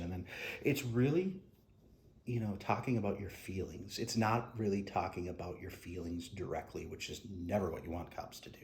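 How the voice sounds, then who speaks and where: Retired cop, middle-aged man, deep voice, halting and candid, recorded in a roomy space. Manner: halting, frank, drops soft quoted asides. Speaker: retired police officer. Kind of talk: interview storytelling. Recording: echoey room with faint noise.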